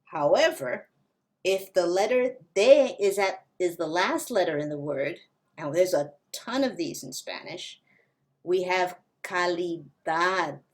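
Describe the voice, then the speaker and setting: A woman leads a language lesson in a slightly low voice. She speaks slowly and deliberately. She models each word with care for learners to repeat. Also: expressive, darkish tone. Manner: slow, careful modeling of pronunciation. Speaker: Spanish teacher.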